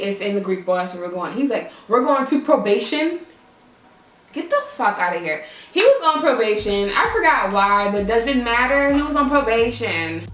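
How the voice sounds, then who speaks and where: A young woman in her twenties telling a casual storytime, animated and swearing, jumping higher when she acts out what people said. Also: roomy sound. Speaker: vlogger.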